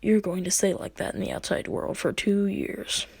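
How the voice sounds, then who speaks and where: A woman voicing a pair of ancient warrior spirits, speaking in a hushed, teasing way. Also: medium pitch, fairly even intonation, moderate pace, creaky, breathy edge, dry recording. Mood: solemn.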